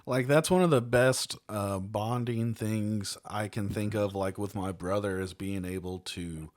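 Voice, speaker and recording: A man's voice: lowish voice, measured pace. Laughing, mumbling podcast co-host man. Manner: laughs often, trails off into mumbles. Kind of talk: casual podcast chat.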